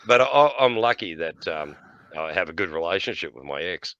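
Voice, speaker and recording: A man's voice: sits low, animated, brisk, fairly bright tone, clear, resonant tone, no echo, highs cut off. A middle-aged man telling blunt, profane stories in casual chat, often laughing between lines. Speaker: podcast host.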